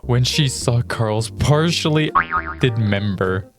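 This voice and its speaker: Slow, flustered man reading fanfiction aloud. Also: mid-range voice, lively intonation, soft background music. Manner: amused, flustered asides. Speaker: reader.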